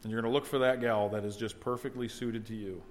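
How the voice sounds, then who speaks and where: A man's voice: on the low side, fairly even intonation, quick pace. A middle-aged man preaching a sermon in a conversational way, at times building to emphatic exclamations. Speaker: pastor.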